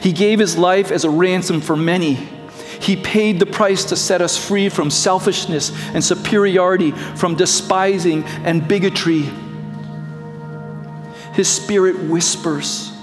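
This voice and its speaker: A middle-aged man preaching a sermon as a pastor, moving from slow reflective passages to quick storytelling. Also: high voice, in a large hall, soft background music.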